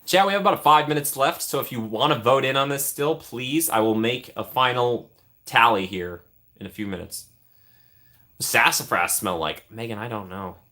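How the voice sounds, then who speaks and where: A man's voice: mid-range voice, normal speed, pushed and bright. A man hosting a casual live stream, joking around and thanking his chat. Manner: jokey, thanks chat often, trails off into asides.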